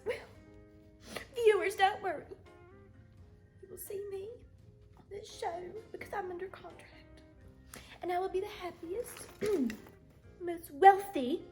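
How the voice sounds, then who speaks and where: A woman's voice: very high voice, measured pace, long pauses, darkish tone, faint music behind. A woman playing a vain, melodramatic jilted rich wife, swinging from prim bragging to shrieking theatrics. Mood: manic. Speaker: reality show cast member being interviewed.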